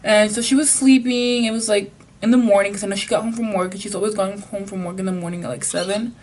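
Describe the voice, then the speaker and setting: A young adult woman vlogger tells a casual story fast and chattily, her medium-pitched voice fairly even in intonation with a darkish tone. She peppers her speech with "like" and drops in the odd Spanish phrase, and there's a little hiss or hum in the recording.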